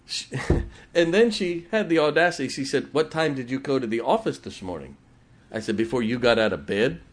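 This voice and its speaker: A man's voice: mid-range voice, lively intonation, normal speed, a little hiss or hum. Guy pastor preaching in church, folksy storyteller, laughs at his own jokes. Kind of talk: sermon.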